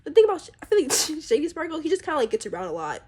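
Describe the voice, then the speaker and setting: A woman's voice: high voice, wildly swooping pitch, very fast, a little mellow. A woman casually chatting about her drawn characters, rambling and chatty, with plenty of fillers. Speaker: artist presenting her characters. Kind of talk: casual chat.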